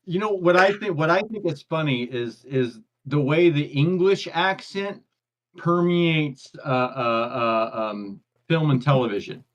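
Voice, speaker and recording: A man's voice: a little high, a little slow, muffled recording. A man, co-hosting a casual podcast chat, rambling and tripping over his own words as he goes. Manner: rambling, stumbles and repeats words. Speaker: co-host.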